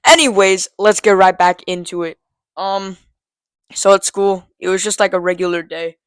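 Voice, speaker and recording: A man's voice: sits high, moderate pace, a bit bright, clear, resonant tone, no room sound. A teenage boy casually telling a story to the camera, rambling with lots of "um" and "like" and laughing at himself. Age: teens.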